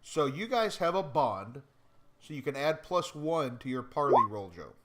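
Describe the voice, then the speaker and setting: Male game master, unhurried, lively pitch, relaxed rules chat. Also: very noisy. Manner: relaxed, explaining rules with hesitations. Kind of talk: narrating a tabletop game.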